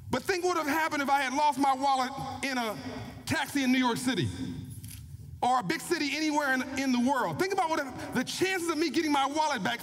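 A man's voice: extremely high pitch, fairly bright tone. A man giving a motivational speech, telling a personal story in an earnest way and often repeating words as he builds up. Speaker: keynote speaker. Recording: long hall reverb, faint background noise.

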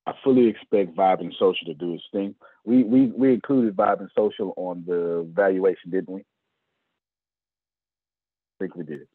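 A middle-aged man giving an animated business pep talk to his team, acting out conversations in shifting voices. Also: deep voice, moderate pace, husky, no echo, narrow, tinny audio.

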